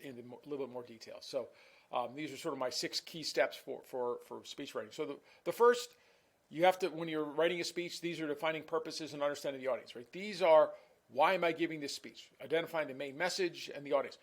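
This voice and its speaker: A man giving a recorded online class lecture in a conversational way, often repeating words and restarting phrases. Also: on the high side. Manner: self-admittedly talks fast.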